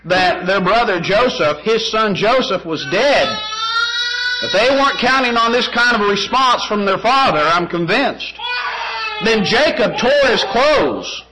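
Guy preaching a sermon, high-ish voice, punchy, keeps asking questions and repeating himself. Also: animated, measured pace, low-quality recording. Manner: emphatic, with rhetorical questions and repeated phrases.

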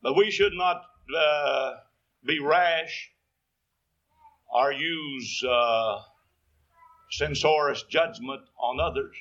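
A man preaching a sermon in a fairly high voice, taking his time. He quotes scripture in old-fashioned wording and swells to emphatic peaks. The recording sounds dull and lo-fi. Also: drawn-out words, pauses often, fairly bright tone.

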